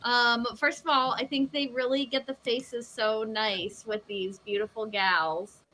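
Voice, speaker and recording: A woman's voice: on the high side, steady tone, a little slow, bright, forceful tone, slight background noise. A woman guesting on a casual podcast, enthusiastic and gushing, giggling often. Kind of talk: casual chat.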